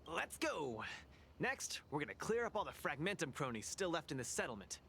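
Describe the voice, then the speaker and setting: A man's voice: fairly high pitch, sing-song, moderate pace, a little hiss or hum. An actor voicing a brash, upbeat young male champion in a game who talks theatrically and loves slogans. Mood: cheerful. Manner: theatrical, shouts out attack names and slogans. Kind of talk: game character voice.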